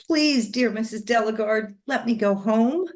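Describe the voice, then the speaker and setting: A woman's voice: fairly high pitch, measured pace, a little mellow, pitched above the performer's own voice, lightly acted. A woman reading aloud and voicing a frightened little girl who pleads in a shaky, panicky voice. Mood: pleading. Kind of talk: storybook reading.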